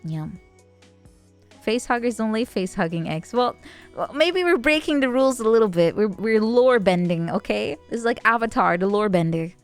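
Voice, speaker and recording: A woman's voice: on the high side, animated, normal speed, faint music behind. A woman streamer chatting casually, rambling and joking and often breaking into laughter. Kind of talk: casual chat.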